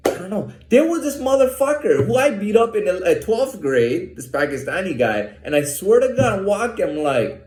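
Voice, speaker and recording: Heated profane man ranting, lively pitch. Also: moderate pace, reverberant, slight background noise. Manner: heated, profane, stammering with repeated fillers. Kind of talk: casual rant.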